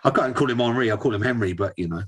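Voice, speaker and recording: A young man and father of two, a guest on a casual video-call interview, relaxed and rambling with many fillers. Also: fairly low pitch, racing, husky.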